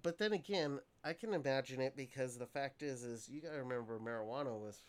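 A man's voice: medium pitch, quick pace. A middle-aged man from California co-hosting a podcast in casual chat, rambling with many restarts. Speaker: podcast co-host.

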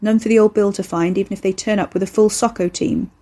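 A woman's voice: mid-range voice, steady tone, fast, mellow, close to an everyday voice. Woman voicing cocky monster in human shape. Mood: breezy. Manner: casual, slangy, chatty, unbothered. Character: cocky young male eldritch horror in human shape.

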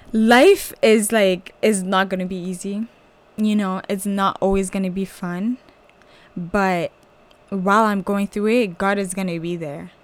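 Gushing young woman sharing her testimony. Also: mid-range voice. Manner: gushing, casual, says "like" and "y'all" often. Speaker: podcast host. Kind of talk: personal faith testimony.

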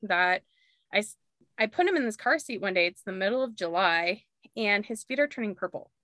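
A woman hosting a casual chat, an animated storyteller who acts out quoted dialogue and laughs often. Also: medium pitch, a little fast, no room sound.

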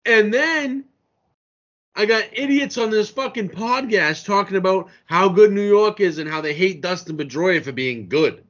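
A man's voice: sits high, normal speed, a bit bright. A man co-hosting a podcast, ranting and mocking in profane sports banter. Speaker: podcast co-host. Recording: lo-fi podcast recording.

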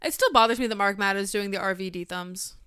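A woman's voice: medium pitch, fast, bright, forceful tone, clean tone, no echo, clean studio sound. A young woman co-hosting a podcast in casual chat, laughing often and swearing as she talks. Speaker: podcast co-host.

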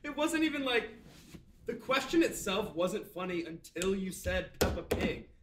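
A young man with a slightly raised, bright voice, co-hosting a podcast. He chats in an easygoing way, mostly with short agreeing replies. He is a little far from the mic in an echoey room with faint noise behind him. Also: sits high, very animated, measured pace. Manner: laid-back, short agreeing replies, laughs easily. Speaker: podcast co-host. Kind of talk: casual chat.

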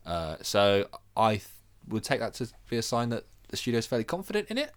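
A man's voice: on the low side, huge pitch swings, a little fast, smooth. A young man co-hosting a podcast, telling stories with lots of laughter and swearing. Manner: laughing storyteller, swears freely, jumps into voices. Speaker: podcast co-host. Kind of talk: casual chat.

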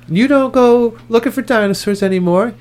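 A clever child scout who keeps questioning the adult and hatching plans, played by a player in their own voice. It's a loose tabletop role-play scene, with a middling pitch. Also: darkish tone, clean tone, lightly acted. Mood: scheming. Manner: quick, scheming, questioning.

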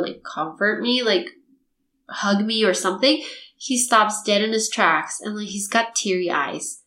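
A young woman, a podcast host, telling a personal story in casual chat and acting out what people said. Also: mid-range voice. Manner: animated storytelling, acting out quotes. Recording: echoey room.

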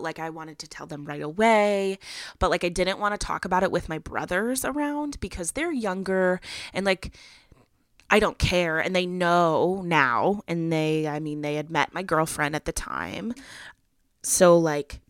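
A woman's voice: fairly low pitch, moderate pace, fairly bright tone, dry recording, studio quality. A young adult woman hosting a podcast, telling a personal story in a chatty way with lots of fillers. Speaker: podcast host.

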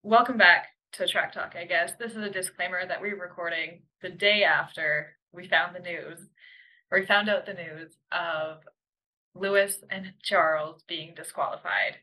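A Canadian woman co-hosting a podcast, walking through the news and stopping to correct herself. Her voice is low-pitched but strongly bright and forceful. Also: steady tone, normal speed, poor audio. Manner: explanatory, self-correcting. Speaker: podcast co-host. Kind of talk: explaining news in casual podcast chat.

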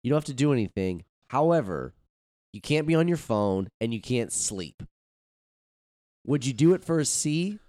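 A man's voice: mid-range voice, sing-song, normal speed, mellow, dry recording. Young man posing questions, dry close sound. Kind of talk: casual chat.

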